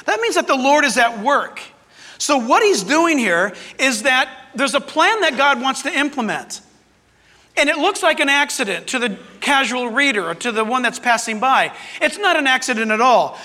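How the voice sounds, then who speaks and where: A male pastor delivering an earnest sermon, turning to address his church directly. His voice sits very high and sounds bright and forceful. A long reverb trails behind him, as in a church hall.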